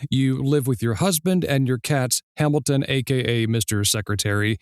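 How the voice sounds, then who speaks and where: A man's voice: medium pitch, normal speed, smooth, no echo, clean studio sound. A man hosting a podcast interview, asking questions and laughing along with his guest. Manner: brief affirmations, laughs along. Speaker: podcast host.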